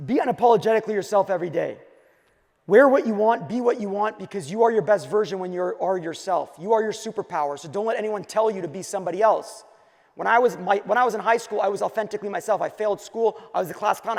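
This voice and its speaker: Guy from quebec on stage, high gravelly voice, punchy storytelling, big reverby hall. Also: fast. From Quebec, Canada. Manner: energetic storytelling, punchy short phrases. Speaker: conference speaker. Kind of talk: keynote talk on stage. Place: large conference hall.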